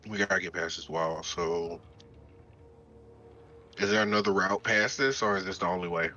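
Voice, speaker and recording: A man's voice: sits low, moderate pace, pushed and bright. A man playing in an online tabletop game, talking casually and thinking aloud as he plans his moves. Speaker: player. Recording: dull lo-fi voice chat with faint music.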